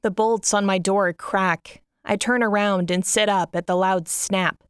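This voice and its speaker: A woman narrates a first-person story in a soft, mournful reading voice. Her tone is smooth and clear. The recording is dry and close to the mic. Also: medium pitch, steady tone, unhurried, no room sound.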